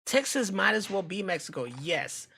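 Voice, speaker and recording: A man hosting a live stream, chatting casually with viewers in a joking, profane, animated way. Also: high voice, moderate pace, creaky, breathy edge. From United States.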